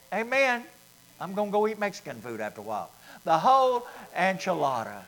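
A man preaching a sermon as pastor, dropping to near whispers and rising to loud, fervent bursts. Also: high-pitched.

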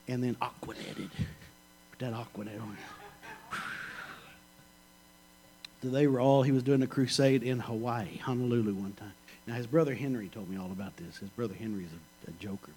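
A man's voice: medium pitch, a little mellow, a little hiss or hum, low-quality recording. A middle-aged man preaching a sermon, telling stories in a folksy, joking way. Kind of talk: sermon with storytelling.

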